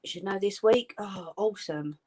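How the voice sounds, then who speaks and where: A woman's voice: mid-range voice, moderate pace, a little mellow. A woman hosting a craft live stream, chatting casually and answering her viewers' comments.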